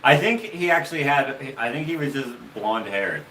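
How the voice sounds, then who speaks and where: A man's voice: medium pitch, animated, normal speed, a loud crowd. A man casually telling stories on a livestream, rambling and restarting his sentences. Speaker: livestream host. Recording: roomy, distant mic with faint noise.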